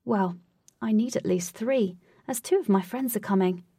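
A forthright young heroine, brisk and sure of herself, with a bossy upbeat push, as a woman reading the story voices her. The lines ride noticeably higher than a plain reading. The sound is dry and the mic sits a little away. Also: dark tone, breathy edge, dry recording, distant mic. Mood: eager.

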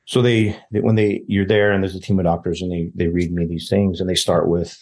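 A man's voice: low voice, level tone, fairly quick, a little mellow. A man, a guest telling a personal story in casual, rambling talk, often quoting other people. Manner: rambling, quotes others in dialogue. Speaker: interview guest.

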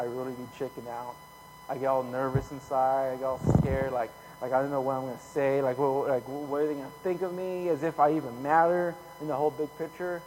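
A man preaching a casual, conversational sermon full of slang, growing louder when he reads scripture. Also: medium pitch. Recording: hall reverb, faint hum.

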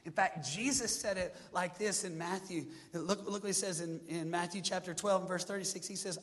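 A man preaching to a congregation. His voice sits high for a man, and he keeps the crowd joining in. The sound rings with the long reverb of a big hall. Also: a little fast, few pauses. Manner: animated preaching, talks to the congregation and gets them to join in. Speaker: pastor. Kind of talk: sermon.

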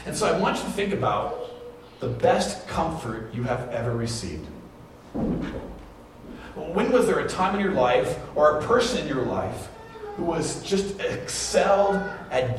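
A male pastor giving a sermon, telling stories from his childhood and rising to high, emphatic peaks. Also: far from the mic, noisy background. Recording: very echoey room, voice from afar.

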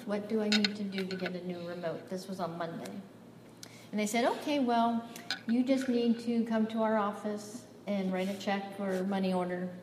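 A mid-range female voice delivers a sermon built around a personal story, performing the dialogue and climbing to emphatic high points. She sounds distant in an echoey hall, with faint ambience and background noise.

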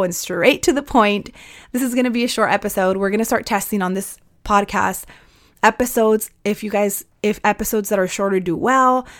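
A young adult woman hosting a podcast, giving a heartfelt, encouraging pep talk to her listeners. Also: on the high side. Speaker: podcast host.

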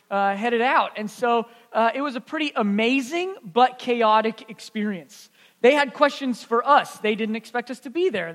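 A man's voice: extremely high pitch, a bit bright, big-room sound. A man pastor telling a story in an earnest, conversational sermon.

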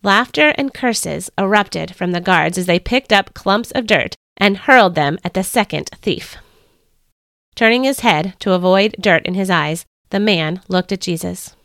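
A woman's voice: mid-range voice, a little slow, fairly bright tone, no room sound. Woman podcast host reading her devotional story, earnest, dry close mic. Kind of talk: scripted first-person story narration.

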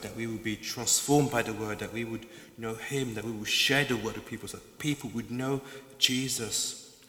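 Forceful preacher man in an echoey hall. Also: medium pitch. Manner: passionate, repetitive emphatic preaching. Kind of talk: sermon. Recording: echoey hall with long reverb.

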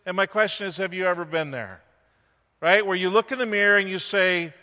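A man's voice: high voice, a little fast, pushed and bright, in a large hall. A man preaching a sermon as pastor, in a conversational way, asking the congregation questions. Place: church sanctuary.

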